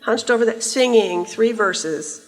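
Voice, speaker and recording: A woman's voice: fairly high pitch, measured pace. A woman in her sixties giving a conference keynote in a large hall, a wry, conversational storyteller who teases the audience. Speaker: keynote speaker.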